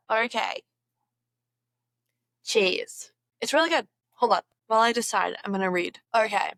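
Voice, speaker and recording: A woman's voice: on the high side, a little slow, pauses often, fairly bright tone, no room sound. A woman vlogger chatting casually and playfully, repeating words aloud as she practices an accent.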